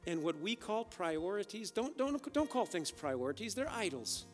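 A man preaching a sermon, energetic, swinging from loud urgent exhortation to quiet emphasis. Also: sits high, normal speed. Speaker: pastor. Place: church sanctuary. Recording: long hall reverb with faint guitar behind. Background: soft guitar music.

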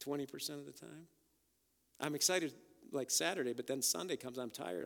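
A man preaching a sermon, energetic, swinging from loud urgent exhortation to quiet emphasis. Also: fairly high pitch, brisk, gravelly. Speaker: pastor. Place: church sanctuary. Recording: long hall reverb with faint guitar behind. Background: soft guitar music.

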